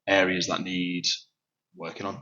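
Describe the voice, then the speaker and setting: Lower-voiced casual Mancunian host. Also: male voice, completely flat delivery, unhurried, sharp tone. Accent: Northern English, Manchester. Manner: casual, swears, laughs easily. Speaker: podcast host and grappling coach. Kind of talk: casual chat. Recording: dull lo-fi sound.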